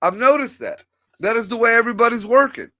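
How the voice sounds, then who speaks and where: A man's voice: very high voice, big pitch swings, fast talker, pushed and bright, no room sound, studio quality. A man hosting a casual livestream chat, talking bluntly and profanely as he riffs. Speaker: host.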